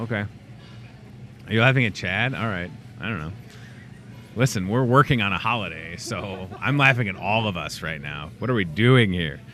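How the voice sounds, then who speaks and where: A man's voice: mid-range voice, slight background noise. A man hosting a local store show, chatting casually and jokingly while plugging events and deals. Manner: chatty, joking asides, lively promo delivery. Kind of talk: casual local promo chat.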